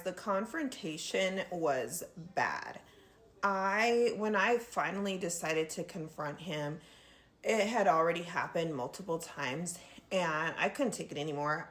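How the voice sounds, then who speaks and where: A woman with a somewhat low voice tells a personal story to camera in a casual storytime style. She talks to her viewers directly and earnestly, pausing often to find her words. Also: a bit bright. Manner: halting, earnest, addresses viewers as "you guys".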